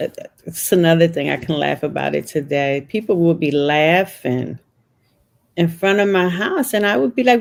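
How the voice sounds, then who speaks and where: A woman's voice: deep voice, moderate pace, gravelly. Earnest woman telling a personal story. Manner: earnest, repeats phrases for emphasis. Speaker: podcast guest.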